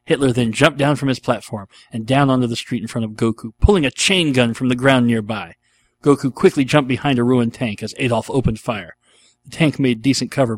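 A man's voice: medium pitch, no echo. A man reading a dramatic fan fiction aloud in an earnest, storytelling manner. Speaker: narrator.

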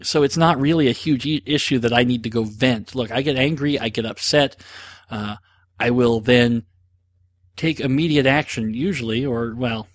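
A man talks casually in a rambling, self-mocking way, dropping frequent fillers as he answers listener questions. His voice sits at an ordinary middle pitch. The sound is dry and close, with no room around it. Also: moderate pace, no echo. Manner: rambling, self-deprecating, jokey, with many fillers. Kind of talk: casual solo talk.

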